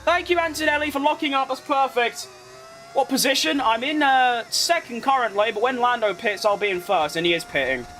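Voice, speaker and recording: A man talking through his racing game in a very high, bright voice. He chats along casually, then jumps into excited shouts whenever things get close, and swears freely. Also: fairly quick, slight background noise. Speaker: gaming creator. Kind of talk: live gameplay commentary.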